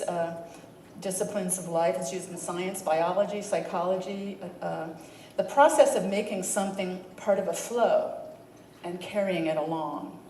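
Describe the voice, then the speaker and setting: A woman's voice: lowish voice, mellow, a little hiss or hum. A woman minister giving a folksy, rambling sermon with many fillers. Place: church sanctuary. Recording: echoey church room.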